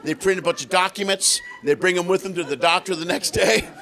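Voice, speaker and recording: A middle-aged man doing a stand-up comedy set, telling stories with animated delivery and shouting the punchlines. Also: high-pitched, a little fast. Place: live comedy stage. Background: audience laughter.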